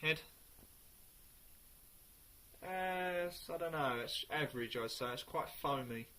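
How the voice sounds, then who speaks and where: A man reviewing a beer in a casual, chatty way, sometimes pausing to search for the right words. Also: fairly high pitch, sharp tone, a little hiss or hum.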